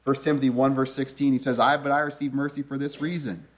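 A man's voice: mid-range voice, level tone, fast talker. A man preaching a sermon in an earnest, conversational teaching manner, often asking his listeners rhetorical questions.

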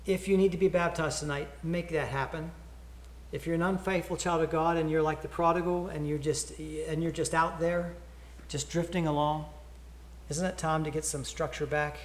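Earnest preacher in echoey church. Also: male voice, a little high, steady tone, normal speed. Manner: earnest, repeats words, storytelling. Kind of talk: sermon invitation.

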